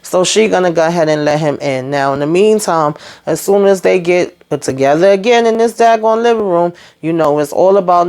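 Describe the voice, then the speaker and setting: A woman's voice: lowish voice, fairly quick, hardly any pauses, darkish tone. A woman hosting a casual TV recap, chatty and sassy, retelling scenes through quoted dialogue. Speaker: reality TV recap host.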